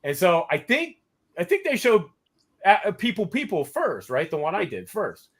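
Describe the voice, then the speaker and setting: A man hosting a podcast, telling a story in a casual way and quoting people in lively voices. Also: high voice, normal speed. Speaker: podcast host.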